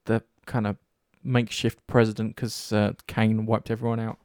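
A man's voice: lowish voice, normal speed, clean tone, dry recording, studio quality. A man chatting casually about games, rambling and swearing freely as he tells stories. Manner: rambling, swears often, animated storytelling.

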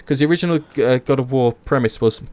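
A young man casually retelling myths, animated, swearing and acting out the characters' lines. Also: medium pitch, fast, clean tone. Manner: animated storytelling, swears, acts out quotes. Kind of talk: casual chat.

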